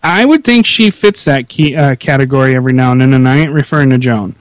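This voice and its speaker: A man's voice: medium pitch, fast talker, dry recording. A man co-hosting a show in casual chat, easygoing and laughing along. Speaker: podcast co-host.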